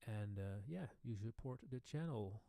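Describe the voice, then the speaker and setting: A man hosting a casual live-stream Q&A, chatting with viewers in slightly non-native English and often trailing off softly. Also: lowish voice, animated, measured pace, creaky, no room sound. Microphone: studio microphone.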